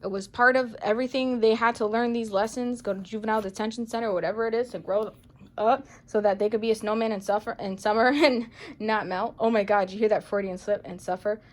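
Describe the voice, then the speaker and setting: A woman reading tarot cards for viewers in a chatty, playful way, excitable and full of pet names. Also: on the high side, fast talker. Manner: playful, chatty, calls listeners baby girl and boo; excitable, gasps and exclaims over cards. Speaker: psychic medium tarot reader.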